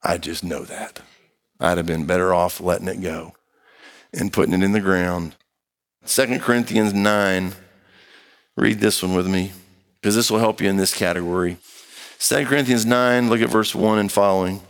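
A man's voice: low voice, steady tone, moderate pace, pauses often, in a large hall. A man preaching a sermon and reading scripture aloud, talking to the congregation in an emphatic, conversational way with playful acted-out asides. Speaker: pastor.

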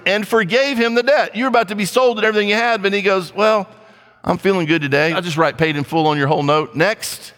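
A man's voice: high voice, a bit bright. A male pastor preaching a sermon in a blunt, conversational way, with playful asides. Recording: long hall reverb.

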